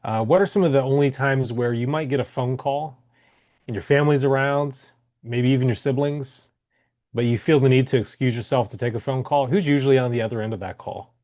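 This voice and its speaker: A man's voice: mid-range voice, a little fast, darkish tone. A male co-host tells stories in loose, casual chat, circling back with fillers and restarts. His voice is an everyday mid-range male voice. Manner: rambling storyteller with fillers and restarts. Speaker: podcast co-host.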